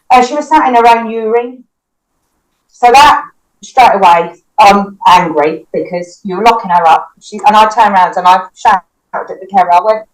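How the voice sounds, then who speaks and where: A woman's voice: mid-range voice, low-quality recording. A woman, a paramedic, recounting a personal experience in an interview with vivid, emotional retelling and quoted dialogue. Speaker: paramedic guest. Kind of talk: personal storytelling in a podcast interview.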